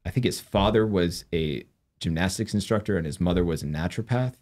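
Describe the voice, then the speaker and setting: Deep-voiced man explaining earnestly. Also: a little fast, darkish tone. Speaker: guest, former yoga practitioner. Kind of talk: interview conversation.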